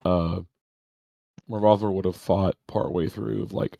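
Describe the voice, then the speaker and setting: Male tabletop player, deep dark voice, halting delivery, dry sound. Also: vocal fry, no echo. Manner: hesitant, halting, with many fillers. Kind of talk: tabletop role-play chat.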